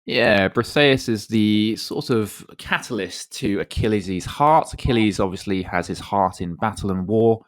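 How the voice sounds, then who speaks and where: Male co-host, low and measured, hesitant thinker. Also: no room sound. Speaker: podcast co-host. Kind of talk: casual chat.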